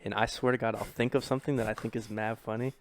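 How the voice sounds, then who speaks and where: A man's voice: fairly low pitch, steady tone, fast talker, a little hiss or hum. A young man chatting casually on a podcast, rambling and swearing, poking fun at himself. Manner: rambling, profane, self-deprecating. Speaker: podcast host. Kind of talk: casual chat.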